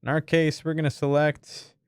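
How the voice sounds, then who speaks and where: A man hosting a software tutorial, walking through settings in a friendly, jokey, energetic way. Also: on the high side, moderate pace, clear, resonant tone, no echo, studio quality. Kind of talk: upbeat screen-recorded tutorial.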